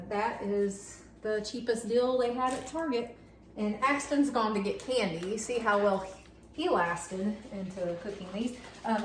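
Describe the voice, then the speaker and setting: Chatty mom in an echoey kitchen. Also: female voice, fairly high pitch, slight background noise. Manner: chatty, many fillers, talks to her son. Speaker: home baking vlogger. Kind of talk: casual chat while baking. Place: home kitchen.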